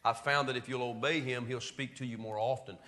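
A man's voice: medium pitch, steady tone, brisk. Middle-aged male pastor, homespun storytelling, in a hall with long reverb. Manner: folksy storytelling, then quiet earnest appeal. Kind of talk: sermon. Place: church sanctuary. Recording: church hall reverb on a live stream.

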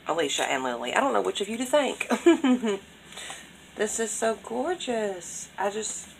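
A woman's voice: medium pitch, normal speed, gravelly, noisy background. A woman, chatting casually to camera as she opens craft mail and gushes over every piece. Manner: gushing, excitable, repeats praise words. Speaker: craft vlogger opening happy mail.

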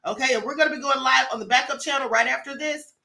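A woman's voice: high voice, quick pace, vocal fry, bright, forceful tone, echoey room. A woman hosting a casual livestream, chatting with viewers, greeting them by name and asking for likes. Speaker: livestream host.

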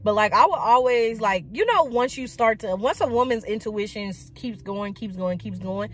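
Brief: woman vlogger, casual storytime, rambling and chatty, middle pitch. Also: lively intonation, normal speed. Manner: chatty, many likes and quoted asides.

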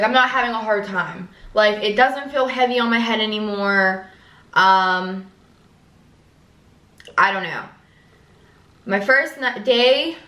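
A woman's voice: a little high, fairly bright tone, echoey room, far from the mic. A young woman talking casually to the camera in a vlog, rambling and swearing as she chats about her day. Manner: rambling, swears casually, fillers and self-talk. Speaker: vlogger.

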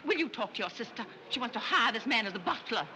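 A woman's voice: fairly high pitch, expressive, fast, bright, forceful tone. A fluttering society mother. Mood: flustered. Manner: dithering, flustered, twittering. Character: flighty fluttering society mother, middle-aged woman. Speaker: wealthy mother. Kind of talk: 1930s film acting. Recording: noisy 1930s film soundtrack.

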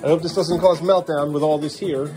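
A man's voice: a little high, steady tone, a little fast, over music. A man, a father, talking casually to his kids at home in a vlog and scolding them firmly and repetitively. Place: family home, indoors.

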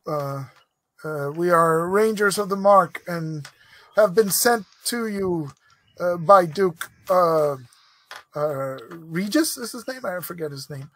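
A man's voice: high-pitched, expressive, slow, fairly bright tone. A man playing a tabletop game, speaking formally and hesitantly in character as a ranger. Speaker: player. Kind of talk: in-character tabletop role-play.

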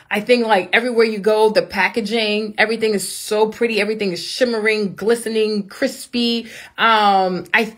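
A woman who runs a makeup brand, chatting casually on a live stream to her followers in a bubbly, excitable way that now and then jumps into high squeals. She is speaking into a phone.

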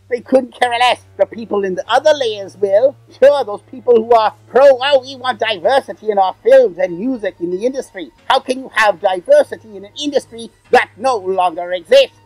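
A man's voice: extremely high pitch, no echo, rough recording. A man voicing a sneering, cackling male demon villain in an in-character comedic rant. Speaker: comedy ranter.

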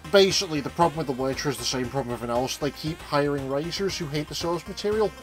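A man's voice: on the high side, racing, soft background music, low-quality recording. A man ranting and swearing in a casual chat while playing a video game on stream. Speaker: let's play commentator. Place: home streaming setup. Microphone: streaming microphone.

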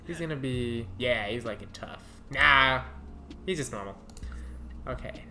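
A woman streaming a game, thinking out loud in a casual, musing way, trying out names and giggling between thoughts. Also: rumbling low, slight background noise. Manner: muses aloud, trying out names, quick to giggle. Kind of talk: casual gameplay commentary.

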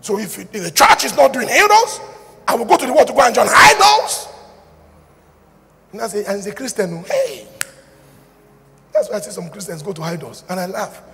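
Brief: middle-aged man, jokey preacher, bright forceful tone, reverberant church hall. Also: high-pitched, brisk, creaky, long pauses, slight background noise. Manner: animated, jokey, shouts and acts out dialogue. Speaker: pastor. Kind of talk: sermon. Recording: hall reverb with faint ambience.

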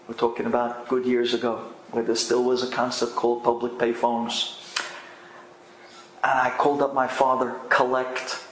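A man's voice: mid-range voice, monotone, moderate pace. Dramatic male storyteller in an echoey room. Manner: dramatic, swings between hushed and loud exclamations. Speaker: rabbi. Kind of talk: inspirational storytelling talk. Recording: echoey room with faint ambient noise.

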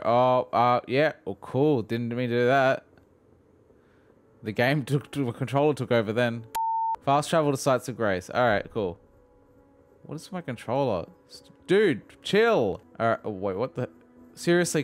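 A young man giving profane, excitable let's play commentary, laughing and mocking as he plays. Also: mid-range voice. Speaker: gaming video host.

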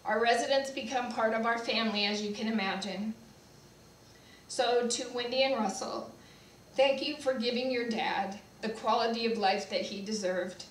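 A woman's voice: fairly high pitch, fairly even intonation, normal speed. A woman who manages staff at a senior care community tells heartfelt stories in a eulogy at a memorial service. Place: church sanctuary. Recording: echoey church from far off, faint hiss.

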